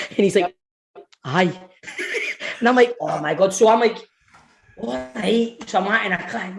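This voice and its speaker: A man's voice: sits high, lively intonation, normal speed, gravelly, a bit bright. A man with a Scottish accent, co-hosting a podcast, telling a story in casual chat. He swears freely and laughs through his own tales. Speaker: podcast co-host.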